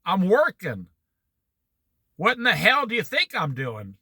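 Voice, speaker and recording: A gruff, teasing working father, as a man quotes him. He barks his questions in a bright, dry voice. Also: high-pitched, wildly swooping pitch, unhurried, no room sound, heavily acted.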